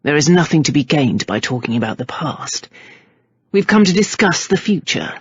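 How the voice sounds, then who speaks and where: Cool, steady husband, as a woman narrator puts him on. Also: sits low, normal speed, husky, no room sound, muffled recording, heavily acted. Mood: firm.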